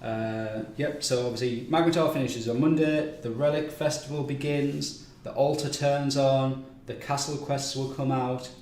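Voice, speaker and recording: A man's voice: medium pitch, steady tone, moderate pace, hardly any pauses, a little mellow. A man hosting a game live stream, running through upcoming events in a loose, chatty way with plenty of ums and restarts. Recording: echoey room with faint noise.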